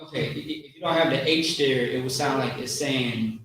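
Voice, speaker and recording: A man teaching a religious class, coaching pronunciation with patient repetition and drawn-out sounds. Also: medium pitch, a bit bright. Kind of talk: pronunciation lesson. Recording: very echoey room, mic far off.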